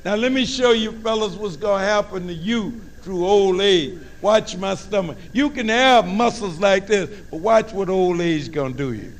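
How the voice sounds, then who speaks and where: A man with a New Orleans accent giving a lively motivational talk to high school students, with call-and-response and humor. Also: normal speed, few pauses. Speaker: motivational speaker.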